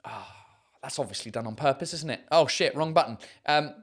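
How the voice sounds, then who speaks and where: A podcast host chatting casually on their own show, reading out listener messages. They laugh often, swear casually, and sound out French and German words slowly. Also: fairly bright tone, breathy edge. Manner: giggly and amused, bursts of high laughter, casual swearing.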